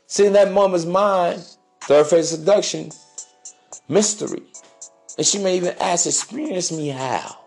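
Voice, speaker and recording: A man's voice: high-pitched, steady tone, measured pace, pauses often, a little mellow, faint music behind. Swaggering man preaching dating advice. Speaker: podcast host.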